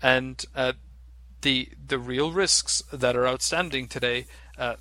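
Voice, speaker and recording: A man giving unscripted market commentary, speaking in a halting way with many fillers and restarts. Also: medium pitch, fairly even intonation, sharp tone, no echo. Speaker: market analyst.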